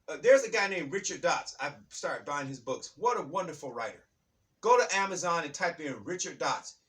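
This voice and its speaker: A man giving an impassioned spiritual talk, fired up and preachy, repeating key lines and shouting words for emphasis. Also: sits high, distant mic. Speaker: motivational speaker.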